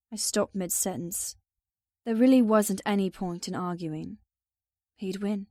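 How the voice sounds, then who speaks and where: A woman narrates a first-person audiobook in an even, subdued way. Her voice is mellow and warm, recorded close and dry. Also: mid-range voice, a little slow, no echo.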